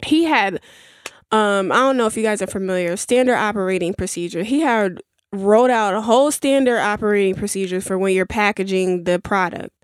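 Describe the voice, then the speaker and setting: A woman's voice: medium pitch, fairly quick, clean tone, no echo, clean studio sound. A young woman hosting a podcast, telling a rambling story in casual chat with many fillers and asides. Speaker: podcast host.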